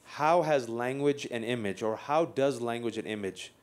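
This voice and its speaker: A man leads a live panel discussion. His pitch sits mid-range for a man, and he talks with rhetorical force. He builds lists into crescendos and lightens the mood with quick asides. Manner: impassioned, rhetorical, with quick jokes. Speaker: panel moderator.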